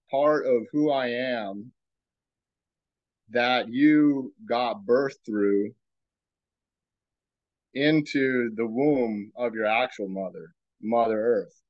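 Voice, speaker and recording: A man hosting a podcast, giving a reflective spiritual talk in a slow, musing way and asking himself rhetorical questions. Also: medium pitch, no echo, lo-fi sound. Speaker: podcast host.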